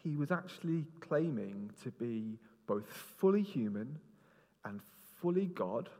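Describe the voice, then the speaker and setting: A man's voice: mid-range voice, unhurried. A man preaching an interactive sermon, joking with volunteers and directing them around the stage. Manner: lively, jokey, directing people on stage. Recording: long reverb in a large hall.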